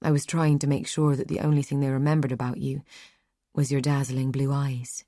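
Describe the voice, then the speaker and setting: A woman voicing a gentle young male monk who speaks softly and tentatively in an audiobook. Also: a bass voice, flat delivery, fairly quick, no room sound, studio quality.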